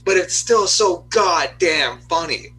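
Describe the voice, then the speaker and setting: A man's voice: high-pitched, animated, slow, pushed and bright, faint music behind, poor audio. A young man co-hosting a casual movie review podcast, easygoing and hesitant, with many fillers. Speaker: podcast co-host.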